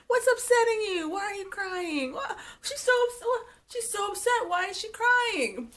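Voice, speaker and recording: A woman mimicking a whiny, baffled grown man in a high, squeaky, mocking whine. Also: lively intonation, unhurried, a bit bright, heavily acted. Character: whiny baffled adult man asking why she cries.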